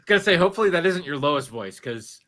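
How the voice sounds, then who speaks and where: A male co-host chiming in with quick, teasing remarks in casual chat. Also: fairly high pitch, lively intonation, sharp tone, a little hiss or hum.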